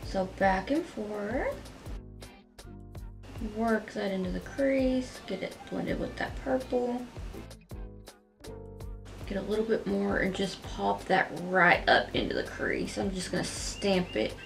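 A woman talking casually at home as she walks through a makeup tutorial step by step, chatty and gushing but gentle. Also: mid-range voice, takes it slowly, gravelly, pauses often, soft background music.

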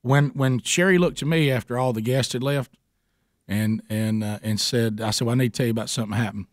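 A man's voice: medium pitch, brisk, dry recording, studio quality. A man, a radio host telling a comic story and acting out the voices of the people in it. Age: 40s. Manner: animated storyteller who acts out quoted voices. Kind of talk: comedic storytelling on a talk show.

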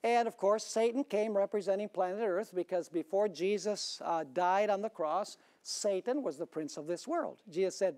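A man's voice: normal speed, few pauses. Emphatic preaching man. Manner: emphatic, rhetorical questions with sudden swings in pitch and loudness. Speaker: pastor. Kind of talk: sermon.

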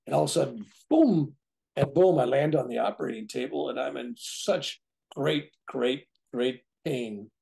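A man's voice: mid-range voice, normal speed, vocal fry, mellow. A man in his seventies, an interview guest telling a personal story casually, acting out the dialogue and often checking in with "right?". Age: 70s. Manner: acts out quoted dialogue, tags lines with "right?".

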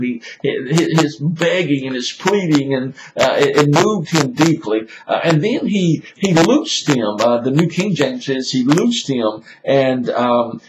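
Man, pastor, stop-start teaching with lots of fillers, roomy echo, noisy recording. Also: fairly high pitch. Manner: halting, repeats words, many fillers. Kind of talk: informal Bible-study teaching. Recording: echoey room with loud noise.

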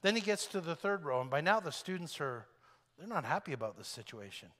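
A man's voice: a little high, brisk, big-room sound. A man preaching a sermon, telling a story and acting out the people in it. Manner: animated storyteller acting out quoted voices. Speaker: pastor.

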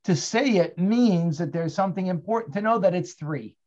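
A man's voice: high voice, animated, normal speed, darkish tone, dull audio. A man teaching an interactive online Torah class as a rabbi. He asks his students questions and thanks them by name.

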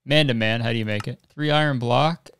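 A man's voice: mid-range voice, a little fast, fairly bright tone, clear, resonant tone. A young man streaming a video game, talking casually in a rambling, jokey, profane way. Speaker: gaming streamer. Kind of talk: casual gameplay commentary.

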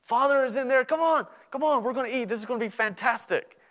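A man's voice: extremely high pitch, fast talker, a bit bright, voice pushed up. A man playing a repentant younger son in a sermon parable, talking earnestly with stumbling restarts. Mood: eager. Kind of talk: sermon storytelling.

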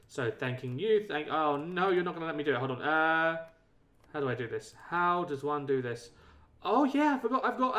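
An excitable young man gives let's-play commentary, laughing and muttering to himself as he goes. His voice sits high, a little off the mic in a roomy space. Faint game music plays underneath. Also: far from the mic. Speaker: gaming channel host.

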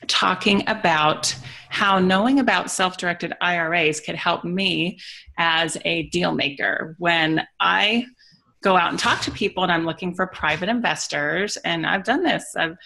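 A woman hosting an interview podcast, with a low-pitched voice that has a bright edge and a gravelly fry. She asks questions in an upbeat, affirming way. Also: unhurried. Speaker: podcast host.

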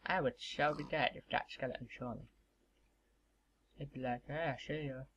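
A young man giving casual, excitable gameplay commentary as a gaming video host, swearing and shouting at the game's monsters. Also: medium pitch, normal speed, muffled recording, a little hiss or hum. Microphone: desk microphone.

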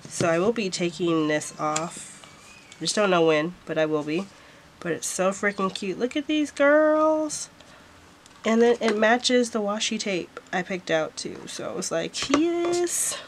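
A woman's voice: on the low side, normal speed, a little hiss or hum. A woman vlogger showing off planner stickers in a casual haul, gushing and repeating how cute everything is.

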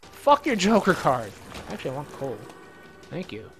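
A man casually commenting on his own gameplay, excitable and swearing a lot, with a slightly hoarse voice. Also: on the high side, moderate pace, faint music behind. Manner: excitable, swears a lot, sudden loud outbursts. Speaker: let's play gamer.

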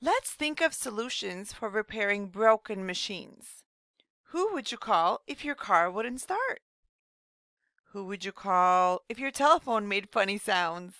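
A woman narrating a scripted read-aloud lesson for first graders, asking young children slow, gentle questions. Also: a little high, dry recording. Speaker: teacher narrator.

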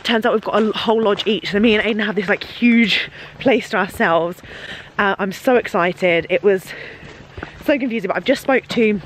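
A woman's voice: medium pitch, normal speed, a little hiss or hum, poor audio. A young woman, vlogging on a handheld camera from inside a large holiday lodge. She is gushing and giddy, laughing often. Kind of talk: excited casual vlog.

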